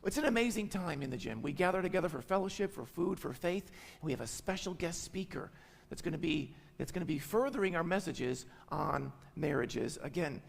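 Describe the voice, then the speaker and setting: Male pastor, sermon delivery, high and gravelly, emphatic repetition, reverberant church hall. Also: lively intonation, fairly quick. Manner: emphatic, repeats key phrases, tags lines with "right?". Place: church sanctuary.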